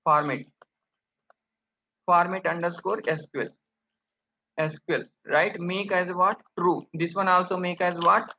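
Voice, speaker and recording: A man teaches programming over a screen recording, asking "what?" again and again. His voice sits high and sounds bright and sharp. The recording is dull and lo-fi. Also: fairly even intonation, unhurried, long pauses, slight background noise. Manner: keeps asking rhetorical questions, addresses viewers as guys. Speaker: programming instructor. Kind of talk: screen-recorded coding tutorial.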